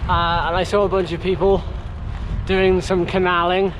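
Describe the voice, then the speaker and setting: Guy talking to his camera on a bike ride, high voice, lots of um and like, noisy outdoor sound. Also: level tone, moderate pace. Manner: chatty, rambling with many fillers. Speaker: cyclist vlogger. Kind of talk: casual vlog to camera. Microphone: handheld camera outdoors.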